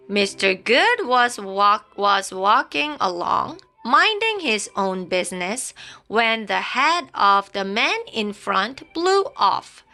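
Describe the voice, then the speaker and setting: With a medium-pitched, sing-song voice and a sharp tone, a woman slowly reads a children's picture book in a dramatic, playful style, using sound effects. Faint background music accompanies her.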